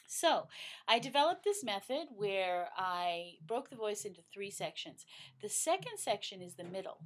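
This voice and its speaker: A middle-aged woman teaching singing, explaining vocal registers slowly and breaking into loud sung exercises. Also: medium pitch, sing-song, faint music behind. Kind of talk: vocal lesson with sung demonstrations.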